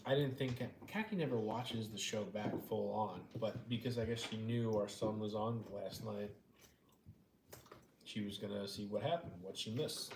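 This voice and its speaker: A man's voice: lowish voice, fairly even intonation, normal speed. A man co-hosting a casual eating stream, joking and teasing in a laid-back way. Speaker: co-host of a mukbang stream. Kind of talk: casual chat while eating. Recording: echoey room with faint noise.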